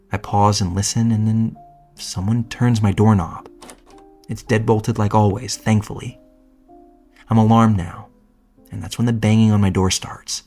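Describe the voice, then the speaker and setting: A narrator with a lowish, darkish voice reads a scripted first-person horror story aloud. His delivery is casual and profane, like someone just telling a story.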